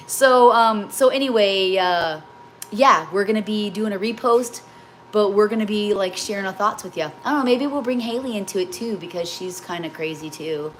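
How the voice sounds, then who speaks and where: A woman's voice: mid-range voice, a little fast. Host, woman, middle-aged, rambling and emotional, casual livestream chat in a home kitchen with faint background noise. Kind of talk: casual chat while baking live.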